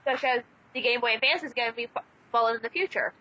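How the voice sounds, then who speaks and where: Fast, high-voiced woman on lo-fi audio. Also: bright, forceful tone. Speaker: podcast co-host with a segment. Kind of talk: casual podcast chat. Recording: dull lo-fi audio.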